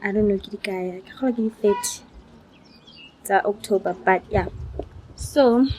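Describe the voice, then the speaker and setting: A woman's voice: mid-range voice, moderate pace, darkish tone, a little hiss or hum. A young woman, tired, chatting casually to her vlog audience and dropping in Sesotho phrases. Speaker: vlogger.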